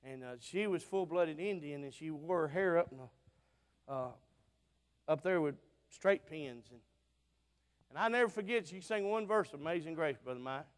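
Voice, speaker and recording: A man from Alabama with a Southern accent preaching a revival sermon through a sound system in a church auditorium, fervent and plain-spoken, swinging between loud bursts and soft asides. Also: on the high side, expressive, moderate pace, pauses often. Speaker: visiting preacher. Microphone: church sound system mic. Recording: long auditorium reverb.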